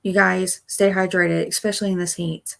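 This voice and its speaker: A woman's voice: lowish voice, little pitch movement, moderate pace, gravelly, fairly bright tone. A young woman hosting a casual live stream, chatty and bubbly with frequent exclamations. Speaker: crochet channel host.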